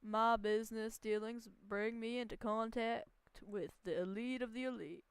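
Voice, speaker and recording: A woman voicing a pompous, wordy male company boss from a video game, speaking slowly and grandly. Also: fairly high pitch, steady tone, clear, resonant tone, no room sound, lightly acted. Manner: grandiose, slow and emphatic.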